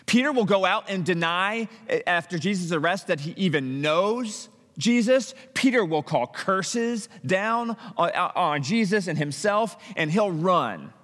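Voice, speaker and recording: A man preaching a sermon, telling stories with lively acted-out quotes and frequent stumbling restarts. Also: sits high, measured pace, hardly any pauses, in a large hall. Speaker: pastor.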